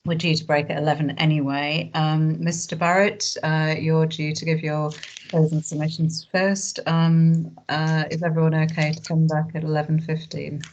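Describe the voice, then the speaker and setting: A woman's voice: sits low, level tone, moderate pace, darkish tone. A woman chairing a formal planning inquiry over a video call, polite and hesitant with dry humour. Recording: dull lo-fi video call audio.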